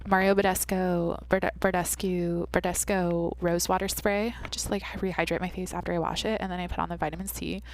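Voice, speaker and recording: A woman's voice: on the low side, little pitch movement, fairly quick, few pauses, natural voice, rough recording. A woman voicing a bubbly female beauty influencer who gushes about skincare in a Valley Girl manner. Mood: gushing. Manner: gushing, brand-dropping Valley Girl talk.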